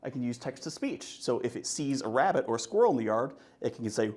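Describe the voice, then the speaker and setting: Hombre bromista dando una charla técnica. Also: male voice, medium pitch, quick pace, hardly any pauses. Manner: joking, animated presenter. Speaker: conference speaker. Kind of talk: conference talk.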